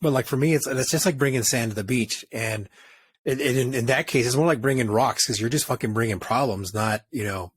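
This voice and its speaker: A man in casual podcast chat, halting as he searches for words. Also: mid-range voice, breathy edge. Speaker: podcast co-host.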